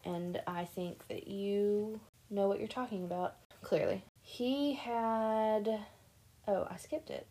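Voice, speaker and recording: A young woman co-hosting a casual chat podcast, an animated storyteller who laughs often. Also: medium pitch, takes it slowly. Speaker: podcast co-host.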